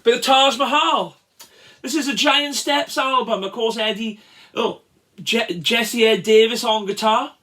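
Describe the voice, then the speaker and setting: A man casually showing records from his collection, chatty and enthusiastic, with frequent pauses and restarts. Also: very high voice, bright, forceful tone. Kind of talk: casual record show-and-tell.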